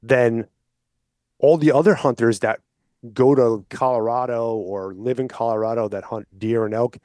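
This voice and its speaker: A man speaking as a podcast guest, persuasive and explanatory, often checking in with listeners with a quick "okay?". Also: mid-range voice, steady tone, a little mellow, no room sound, studio quality. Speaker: hunting advocate guest. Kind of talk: casual podcast conversation.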